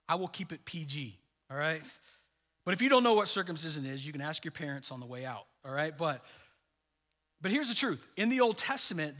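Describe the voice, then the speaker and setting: A high-pitched, bright-voiced man gives a sermon from the pulpit in a lively, chatty way, stumbling and restarting as he goes. His voice rings out with a long reverb, as in a church sanctuary. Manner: animated, conversational preaching with many fillers and restarts. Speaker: pastor.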